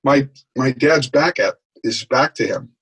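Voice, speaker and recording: A man telling lively anecdotes as a guest in an interview, acting out the people in his stories. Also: medium pitch, a little slow, husky, low-quality recording. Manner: animated anecdote telling, acts out quoted voices. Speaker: guest, author. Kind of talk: storytelling in a podcast interview.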